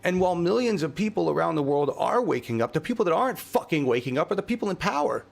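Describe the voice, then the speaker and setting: A man talks straight to camera in a heated, profanity-laced vlog rant. His voice has a gravelly, fry-edged texture and swings widely in pitch, dropping low in grief and flaring up when he shouts. He sounds like he is outdoors in his own yard. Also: big pitch swings, fast. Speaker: channel host.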